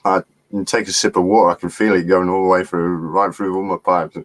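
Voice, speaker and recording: Middle-aged man, very deep voice, casual rambling live-stream host, laughs and swears. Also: little pitch movement, a little fast, no room sound. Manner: chatty, laughing, swearing, distracted by chat. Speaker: livestream host.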